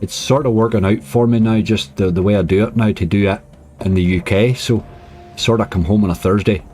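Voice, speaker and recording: A man's voice: on the low side, fairly even intonation, brisk, darkish tone, faint music behind. A man casually commenting on his slot play, chatty and cheering when bonuses land. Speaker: slots streamer.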